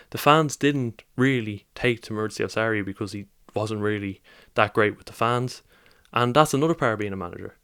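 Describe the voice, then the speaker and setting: A man's voice: medium pitch, a bit bright, clean tone, dry recording, studio quality. A man, running a football channel, reacting in an upset, rambling and heartfelt vlog. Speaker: football vlogger.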